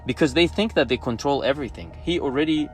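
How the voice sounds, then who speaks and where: A man's voice: medium pitch, fast talker, soft background music. A man in his thirties from Egypt, speaking English with an Egyptian accent, whose native language is Arabic. He delivers an emotional personal monologue, pleading and defiant, and repeats phrases for emphasis.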